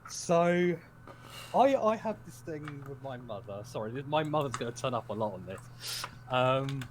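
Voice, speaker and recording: A man's voice: mid-range voice, very animated, moderate pace, noisy background. A man telling a rambling, giggly story in casual chat.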